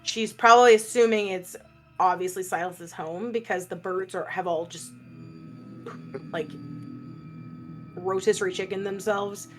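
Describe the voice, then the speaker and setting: Brief: mid-pitched female player, loose and chatty, soft background music. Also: steady tone, a little slow, long pauses. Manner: chatty, many fillers. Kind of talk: casual tabletop play.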